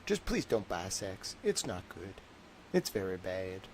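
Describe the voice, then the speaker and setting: A man's voice: deep voice, big pitch swings, measured pace, slight background noise. A man hosting a livestream, rambling and joking casually, with lots of filler words. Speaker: livestream host.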